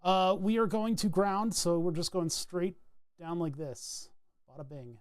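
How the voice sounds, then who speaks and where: A man's voice: sits high, a little slow, clear, resonant tone, no room sound, studio quality. A man chatting casually as he solders a circuit board, rambling and narrating each step of his work. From New England. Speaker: electronics hobbyist streamer. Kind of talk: casual talk while soldering.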